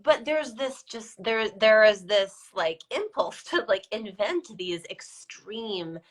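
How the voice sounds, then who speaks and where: A woman's voice: medium pitch, expressive, takes it slowly. A woman co-hosting a casual live-stream discussion, speaking emphatically and repeating words for stress. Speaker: co-host.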